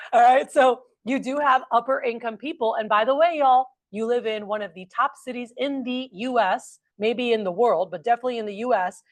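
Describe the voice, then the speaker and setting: A woman's voice: mid-range voice, dry recording. Casting: upbeat woman, sales trainer, talking to a room, close and dry sound. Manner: chatty, upbeat, addresses the group as "you guys". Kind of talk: training a group. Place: meeting room with a large group.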